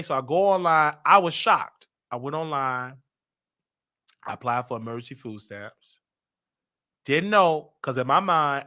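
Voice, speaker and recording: Chicago man storyteller, bright high-ish voice, acts out quotes. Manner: animated, acts out quotes with big pitch jumps. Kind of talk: personal story told casually.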